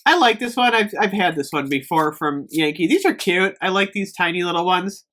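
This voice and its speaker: A woman's voice: lowish voice, a little fast, a bit bright. A woman chatting casually in a product review vlog, rambling with frequent ums as she talks to the camera. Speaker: candle review vlogger.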